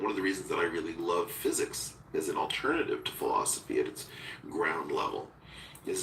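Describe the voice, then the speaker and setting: A man in a philosophical conversation, talking deliberately and searching for words, using technical terms. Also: sits low, fairly bright tone. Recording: roomy echo from far off with faint noise.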